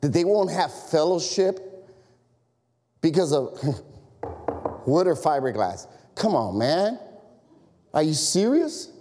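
A man preaching a sermon as pastor, animated and conversational, full of rhetorical questions. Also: fairly high pitch, takes it slowly, long pauses, long reverb tail.

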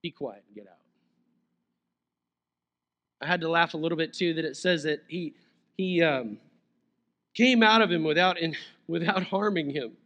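A man's voice: a little high, moderate pace, fairly bright tone, lo-fi sound. A man preaching a sermon as pastor, conversational and playful, chuckling now and then.

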